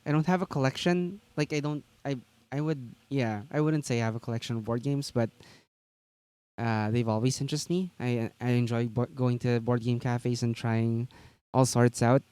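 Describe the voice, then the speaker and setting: A man's voice: mid-range voice, steady tone, normal speed, a little mellow, clear, resonant tone, dry recording. A man co-hosting a tabletop gaming news stream, chatting casually and rambling with lots of fillers and restarts.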